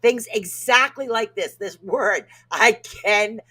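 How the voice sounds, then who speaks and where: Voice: medium pitch, slow pace, pushed and bright. A podcast co-host giving a casual self-help talk, joking and laughing at their own stumbles over hard words.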